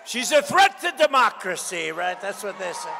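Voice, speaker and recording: A man in his seventies gives a combative rally speech, piling up repeated phrases and jabs. His voice sits high and sounds sharp and forceful. It rings out with a long reverb through a big hall, with a faint hiss underneath. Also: very animated, normal speed, creaky. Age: 70s. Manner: combative, repetitive, riffing off the crowd. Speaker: political candidate. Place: large indoor expo hall.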